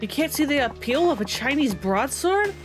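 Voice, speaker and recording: A woman's voice: high-pitched, big pitch swings, normal speed, music in the background. A woman voicing a haughty male weapons master who speaks in stiff, lofty, formal phrasing.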